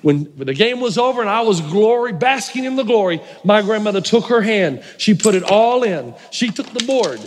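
A man preaching a sermon as a pastor, telling humorous, animated stories to a congregation. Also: sits high, normal speed, hardly any pauses, slight background noise. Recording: echoey hall reverb.

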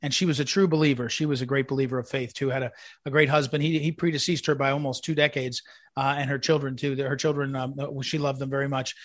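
A man's voice: mid-range voice, little pitch movement, quick pace, no echo, studio quality. A man hosting a commentary segment, telling rambling, anecdotal stories in a eulogy style. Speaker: commentary host.

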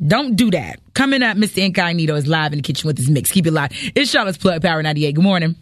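Woman morning radio host; animated, emphatic delivery over a dry studio mic. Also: low voice, quick pace, dry recording. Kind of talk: casual radio chat. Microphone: studio microphone.

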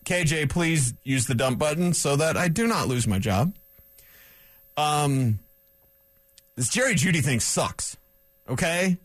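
A man's voice: on the high side, lively intonation, measured pace, long pauses, no echo, studio quality. A man hosting a sports radio show, talking bluntly and with a lot of feeling, venting frustration in a casual, opinionated way. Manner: ranting, blunt and emotional.

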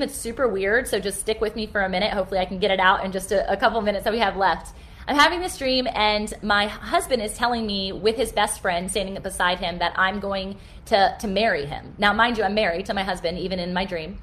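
A woman's voice: on the high side, fairly bright tone. A middle-aged American woman hosting a faith-based podcast, telling a personal story in an earnest, preachy way. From United States. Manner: earnest, preachy, rushes through asides. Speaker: podcast host.

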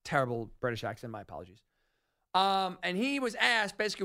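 A man hosting sports talk radio, ranting in an animated, sarcastic monologue about football decisions. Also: sits high, fast.

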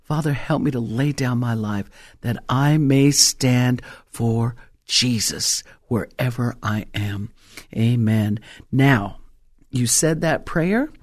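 A woman pastor preaching a fervent, exhorting sermon, her voice leaping up in pitch for emphasis. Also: takes it slowly, darkish tone.

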